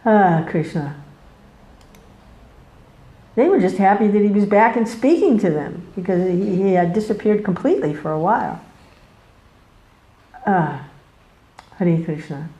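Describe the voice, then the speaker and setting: A woman giving a devotional scripture class, telling the stories in an animated way, laughing often and jumping up in pitch. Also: unhurried, long pauses, echoey room, rough recording.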